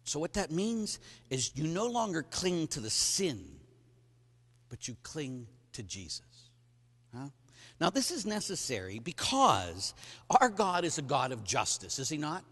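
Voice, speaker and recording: A middle-aged man, a Catholic priest, preaching a sermon to men, emphatic and acting out stories with sudden loud bursts. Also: mid-range voice, sing-song, a little slow, husky. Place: large hall at a conference. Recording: reverberant hall.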